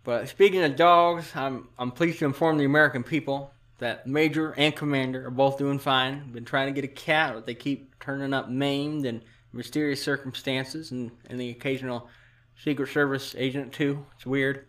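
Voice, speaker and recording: A man's voice: mid-range voice, normal speed, lightly acted. A man doing an impression of a rambling elderly president, with a put-on Southern drawl and a mushy sound, as if something is in his mouth. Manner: meandering deadpan jokes, trailing asides. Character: rambling elderly male president, folksy and off-color. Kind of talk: satirical speech impression.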